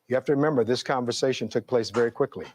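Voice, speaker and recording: Male defense attorney, middle-aged; oratorical courtroom delivery, reads testimony, average pitch. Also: rapid-fire, darkish tone. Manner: oratorical, reads testimony aloud, rhetorical questions. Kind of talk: courtroom closing argument.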